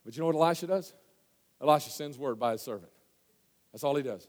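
A man preaches to his church in a folksy, storytelling way, stumbling through restarts as he goes. His voice sits high for a man and rings out with a long hall reverb. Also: fast talker, long pauses. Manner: folksy, storytelling, many fillers and restarts, swings from hushed to loud. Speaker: pastor. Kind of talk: sermon. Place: church sanctuary.

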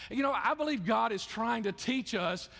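A pastor preaching a sermon in an earnest, conversational way, often repeating and restarting words. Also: male voice, very high-pitched, lively intonation, normal speed, creaky, a bit bright, long reverb tail.

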